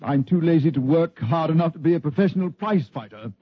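A man voicing a young English gentleman with an English accent, precise and clipped, in 1940s radio acting on a lo-fi old recording. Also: on the high side, animated, fairly quick, slightly rough, no room sound, pitched above the performer's own voice. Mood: haughty.

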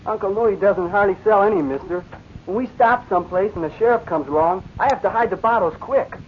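A man's voice: sits high, fairly quick, slight background noise, natural voice. An actor in a 1940s radio drama playing an eager twelve-year-old boy who helps his uncle. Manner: eager, earnest. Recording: muffled old radio recording.

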